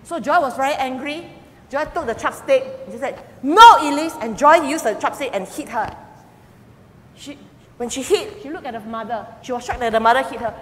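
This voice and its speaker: An older woman, a grandmother, preaching a sermon and telling family stories with animated, expressive delivery. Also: high voice, brisk. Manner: animated storytelling, acting out quoted voices. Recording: long hall reverb, faint background noise.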